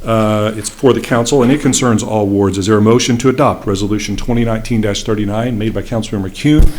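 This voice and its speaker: A man running a city council meeting, moving briskly through motions and votes. His voice sits a little low and he talks fast, with some fillers. He is on a desk microphone in a council chamber. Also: fairly even intonation, darkish tone. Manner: brisk, procedural, with frequent fillers. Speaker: mayor chairing a council meeting. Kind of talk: formal meeting chairing.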